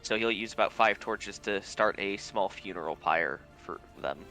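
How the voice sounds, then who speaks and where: A man playing a tabletop role-playing game, a gravelly player who drops into a low voice for his character's lines. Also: moderate pace, sharp tone, faint music behind.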